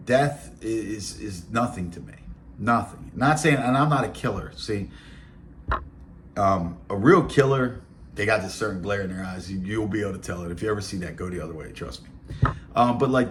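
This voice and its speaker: Blunt Baltimore man, low streetwise voice. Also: slight background noise. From Baltimore, Maryland. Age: 40s. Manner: blunt, streetwise, rambling with fillers and asides. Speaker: podcast host. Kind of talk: casual storytelling monologue.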